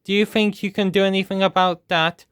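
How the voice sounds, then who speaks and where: A man's voice: high voice, little pitch movement, brisk, fairly bright tone, clean tone, no room sound, studio quality, voice pushed up. A man voicing a small, cheerful male character with very long arms in a children's storybook reading. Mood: eager. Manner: timid at first, then eager and instructive.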